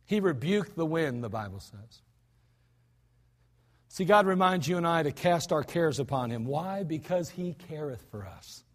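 A high-voiced man preaching a sermon in a church sanctuary. He keeps a conversational tone, sinks to near-quiet lines, then bursts into shouts to make a point. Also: lively intonation, a little slow. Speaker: pastor.

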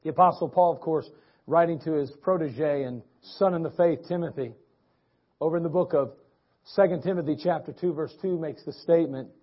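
A man's voice: fairly high pitch, brisk. A male pastor from preaching a sermon, telling a personal story in a folksy way with frequent restarts. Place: church sanctuary. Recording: dull lo-fi church recording.

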